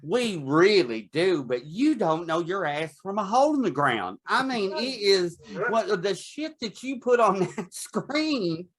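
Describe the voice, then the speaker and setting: A man playing a brash female horror host who lays on sugary sweetness, then cuts it down with a cutting remark. The voice sits a touch high and moves slowly and deliberately, doling out backhanded compliments with relish. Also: very animated, a bit bright, heavily acted. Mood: sweetly scathing. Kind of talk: in-character impression.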